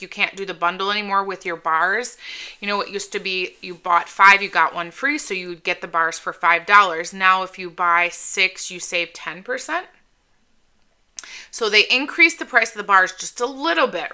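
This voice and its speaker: Bright-voiced chatty woman vlogger. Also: medium pitch, clear, resonant tone. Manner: chatty, rambling, self-interrupting. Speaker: YouTube product reviewer. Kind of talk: casual haul vlog chat.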